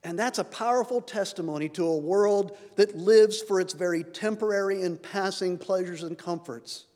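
A man's voice: high voice, moderate pace, a little mellow, in a large hall. A man preaching a sermon, earnest, lifting his voice when he reads scripture aloud.

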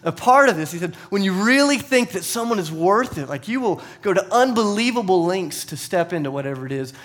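A pastor preaching a sermon, telling a story and acting out the people in it as he goes. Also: high voice. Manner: storytelling with animated quoted voices.

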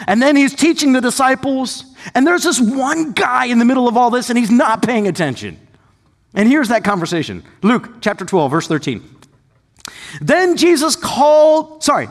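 A man preaching a sermon as pastor, conversational and animated, with sudden shouts and quick asides. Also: extremely high pitch. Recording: long hall reverb.

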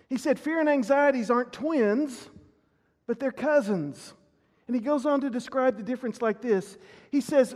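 High-voiced pastor preaching in a hall. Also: male voice, darkish tone. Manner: earnest personal storytelling with frequent restarts. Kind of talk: sermon. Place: church sanctuary. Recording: long reverb of a church hall.

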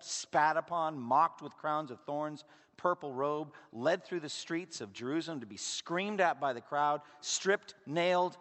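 A man preaching a sermon with emphatic rhetorical questions, swinging from loud declarations down to hushed asides. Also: a little high. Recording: long hall reverb.

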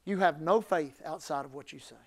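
A male pastor preaching a sermon emphatically, building up to shouted climaxes. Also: fairly high pitch, fairly quick.

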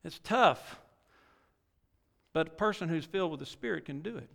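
A middle-aged man preaching a sermon in a folksy way, full of rhetorical questions and swinging from quiet asides to loud exhortation. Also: fairly high pitch, animated, moderate pace, vocal fry. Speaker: pastor. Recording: long reverb of a large hall.

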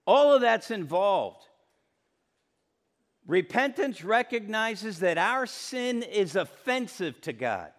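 A man's voice: high-pitched, big pitch swings, slow pace. A middle-aged male pastor preaching a sermon in a conversational way, often asking the congregation questions.

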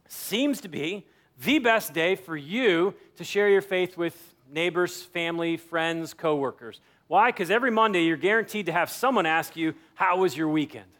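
A male pastor with a high, slightly bright voice delivers a conversational sermon, acting out everyday dialogue to make his points.

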